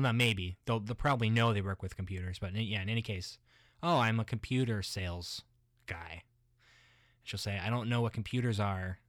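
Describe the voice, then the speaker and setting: A man playing a muddled everyday guy who rambles haltingly, full of restarts and filler words. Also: lowish voice, dry recording, studio quality, close to an everyday voice.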